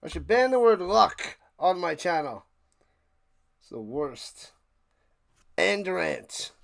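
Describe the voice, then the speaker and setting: A man's voice: high voice, very animated, slow, vocal fry. A man hosting a live game watch party stream, calling plays and ranting sarcastically to his chat. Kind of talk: live play-by-play and casual rant.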